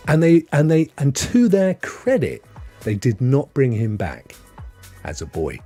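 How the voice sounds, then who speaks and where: Chatty British man with a husky voice. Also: mid-range voice, big pitch swings, measured pace, dark tone, soft background music. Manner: chatty, rambling, reads chat aloud, laughs often. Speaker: gaming show host. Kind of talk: casual live-stream chat.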